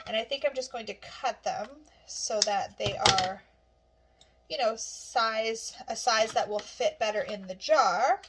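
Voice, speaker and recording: A woman's voice: on the high side, noisy background. A woman vlogging casually at home, chatting cheerfully while she cooks. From Canada. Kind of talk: casual chat.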